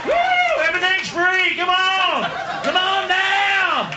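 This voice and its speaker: A man voicing a rowdy old country singer, shouting and whooping as he invites everyone to a party. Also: very high-pitched, big pitch swings, slow pace, highs cut off, very noisy, voice pushed up, heavily acted. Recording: live club recording, echoey, loud crowd.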